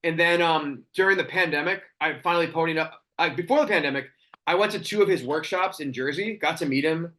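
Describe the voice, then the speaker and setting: Excitable male podcast guest, quick, a bit high-pitched, loves telling stories. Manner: excitable storyteller, quotes people in put-on voices. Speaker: podcast guest, wrestling cosplayer. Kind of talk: casual podcast chat.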